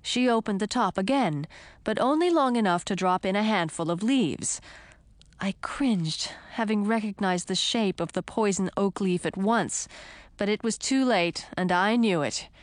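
Female audiobook narrator, expressive first-person reading, dry close recording. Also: medium pitch, a little slow, no echo.

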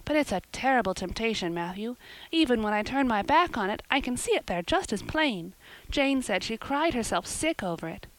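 Woman putting on a young girl, chatty, dreamy, eager run-on talk, higher voice, dry sound. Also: animated, moderate pace, no room sound, lightly acted, low-quality recording.

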